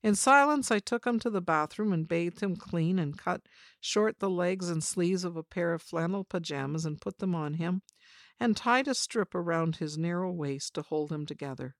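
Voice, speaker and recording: A woman with a fairly low voice reads a first-person memoir, measured and reflective. The sound is close and dry, with no room around it. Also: no echo. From China. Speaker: narrator of a personal story.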